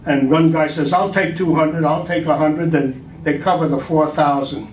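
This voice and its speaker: An older man telling a joke to a club audience, steady and voicing the dialogue. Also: on the high side, moderate pace, lo-fi sound. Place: large room at a club meeting. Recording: echoey hall from far off, faint noise.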